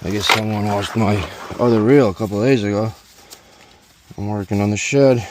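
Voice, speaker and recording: Changing a car's oil outdoors at home, a DIY car vlogger in his forties tells a joking, profane story. His fairly low voice moves at normal speed, and his storytelling is casual, rambling, and animated.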